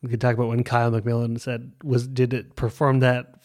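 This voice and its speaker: A man's voice: medium pitch, level tone, a little mellow. Playful, joking male podcast co-host. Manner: playful, jokey and quick to laugh. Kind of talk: casual chat.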